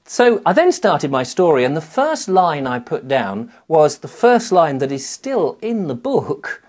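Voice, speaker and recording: A middle-aged man, a children's author, chatting to camera in a rambling, animated way. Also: fairly high pitch, moderate pace, hardly any pauses. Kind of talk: casual talk to camera.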